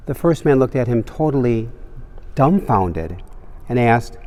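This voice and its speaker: Priest preaching in a reverberant cathedral. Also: male voice, medium pitch, lively intonation, unhurried, mellow. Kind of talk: homily with a joke.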